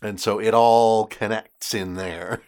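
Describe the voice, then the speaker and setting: A man co-hosting a casual podcast, sharing background trivia in a relaxed way. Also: on the low side, slow pace. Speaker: podcast co-host.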